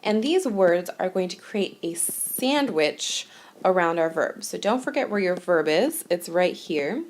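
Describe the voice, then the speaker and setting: A woman's voice: fairly low pitch, animated, a little slow. A woman narrating a recorded lesson as a teacher, explaining step by step in a patient, plain way. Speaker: French teacher.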